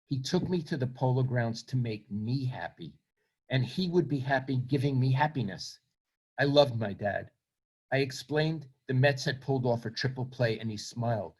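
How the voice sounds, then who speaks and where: A man's voice: mid-range voice, moderate pace, slightly rough. A man, reading from his book and then talking about himself in a reflective, self-deprecating way. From Brooklyn, New York. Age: 70s. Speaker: author.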